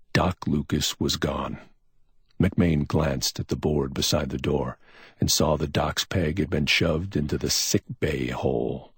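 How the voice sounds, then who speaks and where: A man reading pulp crime fiction as an audiobook narrator, steady and even. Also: rumbling low, breathy edge, no room sound, clean studio sound.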